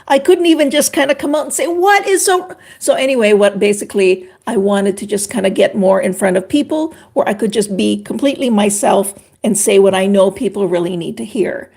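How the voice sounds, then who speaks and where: An older woman from Canada, a former couples therapist, chatting on a livestream in an animated way and greeting viewers by name. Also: mid-range voice, fairly quick, creaky, hardly any pauses, breathy edge. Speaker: relationship expert on a livestream. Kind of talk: casual livestream chat.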